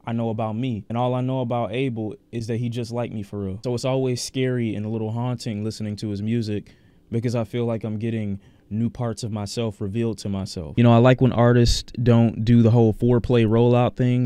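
A man casually reviewing an album, talking in an excited and blunt way, swearing freely and repeating words as he thinks aloud. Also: mid-range voice, a little fast, clean tone, no echo. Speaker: music reviewer reacting to an album. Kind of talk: casual reaction commentary.

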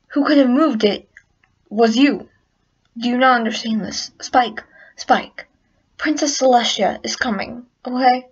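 A woman's voice: on the high side, slightly rough. A woman voicing a bookish, bossy female pony in a scolding, exasperated tone, on a dull lo-fi recording.

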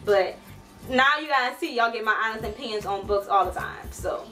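A woman's voice: a little high, normal speed, sharp tone, distant mic, faint music behind. A young woman giving a blunt, frustrated book review in a casual vlog, swearing freely and full of fillers.

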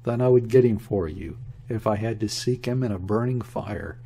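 A man's voice: lowish voice, normal speed, gravelly, warm tone, breathy edge. A man doing a fierce defiant young woman. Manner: abrupt, intense, defiant.

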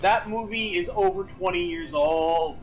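A man's voice: high-pitched, measured pace, faint music behind, rough recording. A young man streaming a game in casual chat, swearing a lot and rambling with repeated restarts. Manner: profane, rambling, repeats himself. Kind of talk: casual chat while gaming.

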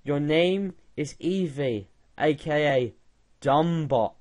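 A man's voice: on the high side, slow, darkish tone. A young man giving casual gaming commentary, mocking and laughing at a chatbot. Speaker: gaming video creator.

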